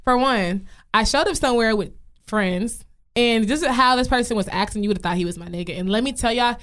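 Woman, rapid, slightly high voice, casual chat, animated storyteller. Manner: animated storytelling, quotes people. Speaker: podcast co-host.

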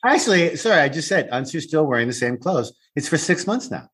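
A man with a husky, fairly high voice jokes and swears as he co-hosts a podcast. His pitch jumps around a lot, and his tone is bright and pointed. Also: quick pace. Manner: animated, joking, swears often. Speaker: podcast co-host, former cast member. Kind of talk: casual podcast chat.

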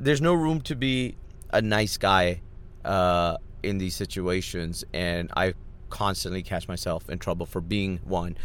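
A man's voice: lowish voice, fairly bright tone, smooth. A man, a comedian and podcast host, telling a story in a rambling, self-deprecating monologue and laughing as he talks. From Middle East.

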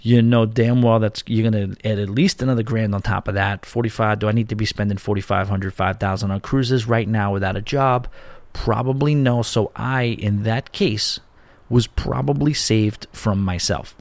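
A man's voice: on the low side, fairly even intonation, moderate pace, a little mellow, no echo. A man hosting a podcast from his home studio, telling a story in a chatty, rambling, self-deprecating way. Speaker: podcast host. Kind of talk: casual solo podcast chat. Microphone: studio mic.

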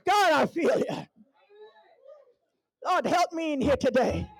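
A middle-aged woman evangelist preaching a sermon in a church, shouting and whooping in a sing-song rhythm. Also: sits high, animated, slow, no echo, poor audio.

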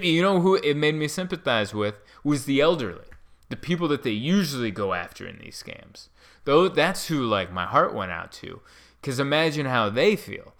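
A man in his mid-thirties telling a story in a rambling, self-mocking way, with animated bursts. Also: medium pitch. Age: 30s. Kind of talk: casual storytelling monologue.

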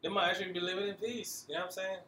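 A man's voice: sits high, flat delivery, very fast, sharp tone. A man co-hosting a podcast in casual chat, offhand and slangy, swearing and laughing. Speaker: podcast co-host. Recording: echoey room with faint noise.

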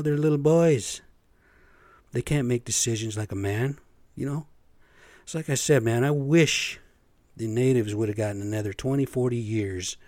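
A man's voice: fairly low pitch, darkish tone, no room sound. Blunt, profane podcast man, dry sound. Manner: profane, blunt, rambling with fillers. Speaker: podcast host. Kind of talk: casual rambling monologue. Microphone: podcast microphone.

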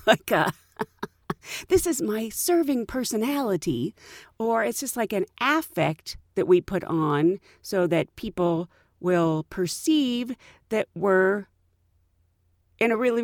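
A woman's voice: mid-range voice, no echo, clean studio sound. A woman flight attendant hosting a casual chat, telling stories with frequent laughter. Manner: lively, laughs often while telling stories. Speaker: flight attendant and podcast host.

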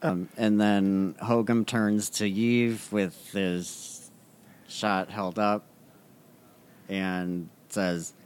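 Brief: male player, low voice, slow plain narration of actions. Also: level tone, smooth. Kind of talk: tabletop role-play.

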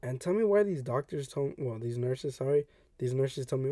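A young adult man hosting a podcast, telling a personal story in a casual, animated way and acting out what others said. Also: mid-range voice, normal speed, no echo, studio quality. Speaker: podcast host.

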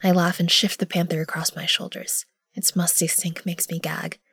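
A woman gives first-person narration for an audio drama, measured and often dropping to a hush. Her voice sits a little low and sounds dry and close to the mic. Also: flat delivery, husky, no room sound. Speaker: narrator and lead character.

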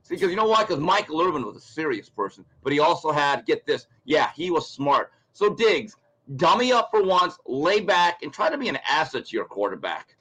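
A man talking sports in a blunt, ranting way. His voice sits a little on the high side, and he acts out other people's quotes as he goes. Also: big pitch swings, normal speed, sharp tone, breathy edge, rough recording. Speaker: guest commentator. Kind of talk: opinionated sports talk.

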